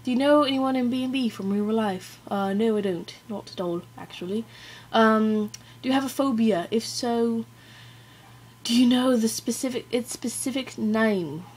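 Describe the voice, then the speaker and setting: An American woman putting on an exaggerated, halting fake British accent into a webcam during a vlog challenge. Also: a little high, completely flat delivery. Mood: faking British. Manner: overdone, halting, self-conscious.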